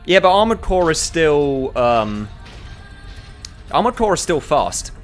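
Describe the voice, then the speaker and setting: Male gamer, animated voice, excitable commentary, faint game music behind. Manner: excitable, enthusiastic, quick shifts in pitch. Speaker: streamer. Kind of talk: casual gameplay commentary.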